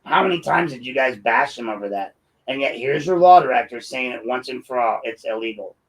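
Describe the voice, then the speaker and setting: A man's voice: mid-range voice, expressive, fairly quick, rough recording. A man hosting his own show, ranting in a combative and mocking commentary. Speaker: host and local activist.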